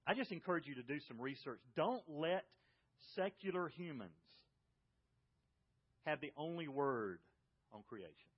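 A man's voice: a little high, very animated, measured pace, long pauses, slightly rough. A male pastor, preaching a sermon and asking rhetorical questions. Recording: dull lo-fi audio.

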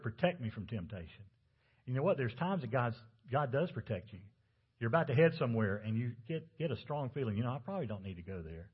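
A man's voice: medium pitch, slightly rough, phone-quality sound. A man preaching a sermon as pastor, talking conversationally and asking the congregation rhetorical questions.

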